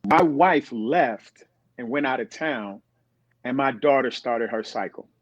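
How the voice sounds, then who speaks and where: Man, middle-aged, podcast guest, lively storyteller doing voices, dry close sound. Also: mid-range voice, a little slow, no room sound, muffled recording. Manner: animated, acts out quoted voices. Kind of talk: casual storytelling.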